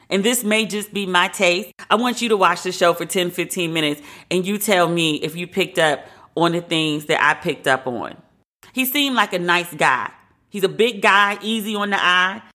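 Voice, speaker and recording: A woman's voice: medium pitch, bright, forceful tone. A woman hosting a podcast, giving her frank opinions in a casual, conversational way. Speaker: podcast host.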